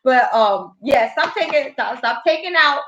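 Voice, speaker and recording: A woman co-host chatting, loud and full of laughter as she tells stories. Her voice sits a bit high. The recording is dull and lo-fi. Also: a little slow, echoey room, slight background noise. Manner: loud, laughing, animated storytelling. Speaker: podcast co-host. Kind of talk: casual chat. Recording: dull lo-fi sound.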